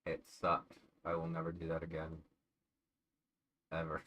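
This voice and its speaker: A man's voice: very deep voice, completely flat delivery, measured pace, a bit bright. A man chatting casually in a vlog at home, digressive and profane, with self-deprecating asides. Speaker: vlogger. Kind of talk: casual rambling vlog chat.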